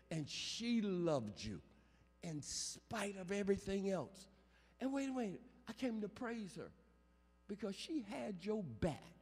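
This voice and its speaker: A male pastor preaching a funeral sermon, calling out to the congregation for amens and building up to shouts. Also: fairly high pitch. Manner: call-and-response preaching, rising to shouts. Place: large church sanctuary. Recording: long church reverb.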